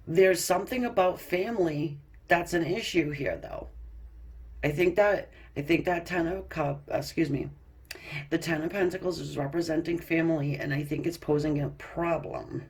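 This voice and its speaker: A woman reads tarot cards in a relaxed, chatty way. She laughs often, trips over her own words and swears freely. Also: low-pitched. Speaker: tarot reader. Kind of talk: casual tarot card reading.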